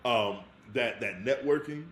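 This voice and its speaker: Man, podcast co-host, casual chat, animated storytelling, frequent laughs, roomy echo, faint background hiss. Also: medium pitch, unhurried. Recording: echoey room with faint hiss.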